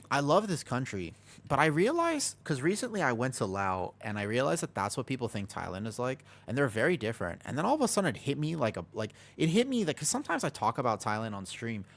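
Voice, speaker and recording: A man's voice: medium pitch, gravelly. Rambling casual male streamer. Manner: rambling, self-deprecating, reads chat aloud. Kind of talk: casual chat with live chat. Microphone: desk microphone.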